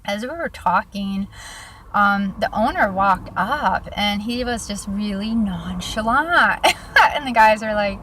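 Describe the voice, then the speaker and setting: A woman's voice: mid-range voice, animated, slow, a bit bright, slight background noise. A young woman casually telling stories about her own life, chatty, laughing often and using lots of fillers. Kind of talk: casual storytelling vlog.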